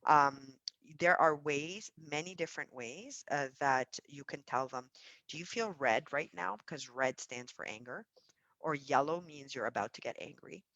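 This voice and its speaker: A woman who runs a childcare centre, explaining early childhood development to parents in an animated, emphatic way. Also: very deep voice, no echo, lo-fi sound. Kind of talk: parenting talk to camera.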